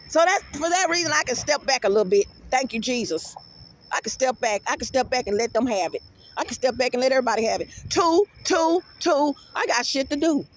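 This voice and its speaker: Brash woman vlogger, AAVE, high-pitched, profane, animated rant delivery. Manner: brash, profane, animated, swings into loud outbursts. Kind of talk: casual rant to camera.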